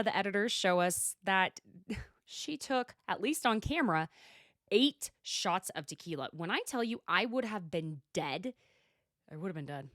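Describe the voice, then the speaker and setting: A woman's voice: mid-range voice, no room sound, clean studio sound. A woman hosting a solo podcast, recapping a reality show in a chatty, sarcastic, gossipy way. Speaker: podcast host.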